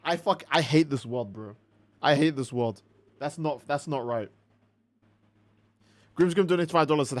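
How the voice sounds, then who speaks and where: A man hosting a game livestream, chatting casually and ranting in an animated, profane, exasperated way. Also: mid-range voice, moderate pace, long pauses, dry recording. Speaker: livestream gamer host.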